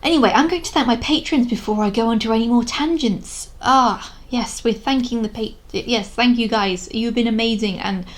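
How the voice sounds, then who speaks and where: A woman's voice: a little high, normal speed, few pauses. Rambling, exasperated young woman vlogging. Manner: rambling, frank, exasperated, with self-interrupting restarts. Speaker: video creator reviewing a historical drama. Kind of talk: casual vlog commentary.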